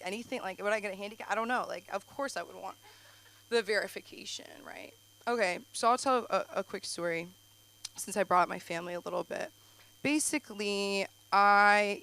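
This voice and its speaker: A young woman hosting a live stand-up night on a club stage. Her voice is bright and forward, and she rambles through self-deprecating jokes with quick asides. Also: mid-range voice, clear, resonant tone, rough recording. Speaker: stand-up comic and show host.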